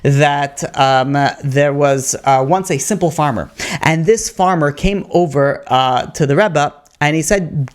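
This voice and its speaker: Male rabbi teaching, lively storyteller who peppers English with Hebrew phrases. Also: fairly quick. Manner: animated storytelling, rising pitch for emphasis; mixes Hebrew and Yiddish terms into English. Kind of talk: Torah lecture.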